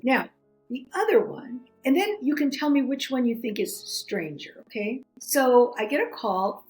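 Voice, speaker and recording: A woman's voice: high-pitched, a little slow, soft background music, rough recording. Chatty storytelling woman, middle-aged. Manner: animated, chatty, acts out quoted voices. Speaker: podcast guest, author. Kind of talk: casual storytelling interview.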